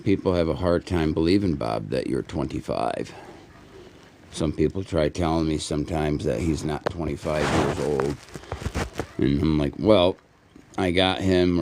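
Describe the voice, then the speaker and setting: A man's voice: a bass voice, a little mellow, slight background noise. A man chatting casually on a live stream, answering viewers and talking fondly to his cat. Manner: talks fondly to his cat between chat. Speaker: livestreamer.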